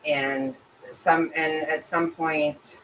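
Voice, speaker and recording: A woman's voice: sits low, expressive, very slow, vocal fry, echoey room. Middle-aged woman chatting on a livestream, emotional and kinda rambly, mic a bit far off, faint hum behind. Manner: emotional, sympathetic, rambling with restarts. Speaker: livestream host reading chat. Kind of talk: casual livestream chat. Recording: voice a bit distant from mic with faint ambient noise.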